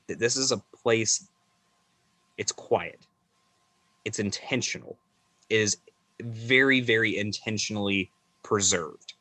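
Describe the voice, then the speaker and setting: A man narrating a tabletop game as game master, describing scenes in a halting, descriptive way. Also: on the low side, sharp tone, dry recording.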